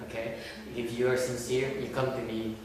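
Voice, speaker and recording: A man's voice: mid-range voice, little pitch movement, a little slow. A man giving a dharma talk as a Buddhist master, blunt and scolding, with many rhetorical questions. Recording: echoey hall from far off.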